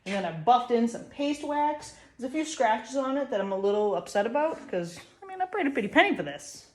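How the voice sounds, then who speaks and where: Brisk, very animated and on the high side, a young woman talks to her camera in a casual vlog from her small shop. She's a woodworker with a small business, upbeat and chatty, often poking fun at herself with a laugh.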